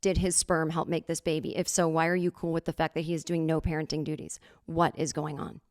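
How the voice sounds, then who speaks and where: A woman hosting a podcast, telling a comic story in a sarcastic, animated way and acting out other people's lines. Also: low-pitched, fairly quick. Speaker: podcast host. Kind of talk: comedic storytelling monologue.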